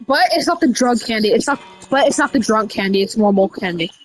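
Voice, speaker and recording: A woman doing casual game role-play over voice chat, rambling with restarts and breaking into sudden high shouts. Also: expressive, fairly quick, soft background music, rough recording. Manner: rambling, with many restarts and y'all. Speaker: roleplayer running a candy store character.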